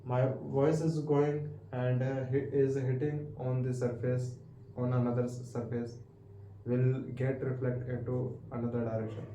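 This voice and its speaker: A man with an Indian English accent teaching a physics lesson, halting and repetitive, asking the class questions. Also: mid-range voice, level tone, dark tone. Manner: halting, repeats words and restarts, asks questions. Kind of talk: classroom lecture. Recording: echoey room with faint background hiss.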